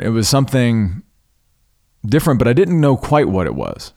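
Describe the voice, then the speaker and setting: A man hosting a podcast, earnestly recounting a personal spiritual experience in an unhurried way, pausing and restarting mid-thought. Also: medium pitch, a little mellow. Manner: spiritual, devout tone. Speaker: podcast host. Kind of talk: reflective personal storytelling.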